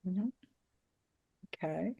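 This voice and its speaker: A woman's voice: on the low side, extremely slow, vocal fry, slightly rough, phone-quality sound. A woman leading a video-call training session, chatting enthusiastically with participants. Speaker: workshop trainer. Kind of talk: casual group discussion.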